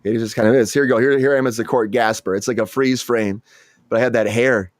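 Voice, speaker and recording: A man's voice: quick pace, dry recording. A man, an actor hosting the show, chatting casually and acting out quotes from his stories in a raised voice. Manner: animated storyteller, acts out quotes in high voice. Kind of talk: casual chat.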